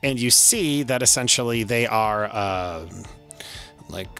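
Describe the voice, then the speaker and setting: A man's voice: medium pitch, slow pace, a bit bright, clear, resonant tone, faint music behind. A man running a tabletop game as game master, loose and chatty with lots of fillers. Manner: loose and chatty, many fillers, laughs often.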